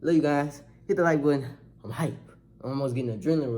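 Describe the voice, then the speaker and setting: A man's voice: mid-range voice, quick pace, warm tone. A young man doing a food eating challenge vlog, talking in slang and cursing. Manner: slangy, hyped then frustrated, swears. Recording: music playing behind.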